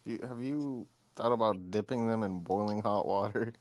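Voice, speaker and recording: A man's voice: on the low side, moderate pace, darkish tone, no echo. A man co-hosting a podcast, chatting casually and making teasing quips. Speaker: podcast co-host. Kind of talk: casual chat.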